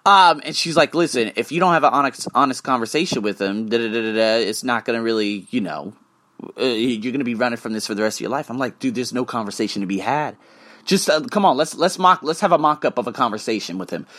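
A man hosting a podcast, telling a casual story in an animated way, swearing freely and acting out the lines of the people in it. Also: medium pitch, fast talker, dry recording. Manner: animated, swears freely, acts out quoted dialogue. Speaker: podcast host.

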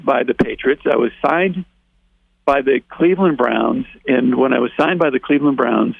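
A man as an interview guest, telling a personal testimony in an animated way and acting out the dialogue he quotes, over a phone line. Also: mid-range voice, normal speed, gravelly, no room sound. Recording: tinny dry phone line.

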